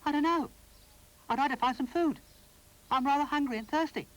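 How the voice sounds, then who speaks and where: A man voicing a timid little wooden boy toy in a storybook reading, with a high, meek and apologetic voice. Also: fairly quick, background noise.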